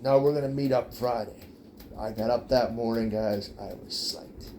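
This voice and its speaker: A man's voice: mid-range voice, fairly even intonation, normal speed, dark tone, slight background noise. A man casually telling a personal story to his viewers, rambling and repeating words as he goes.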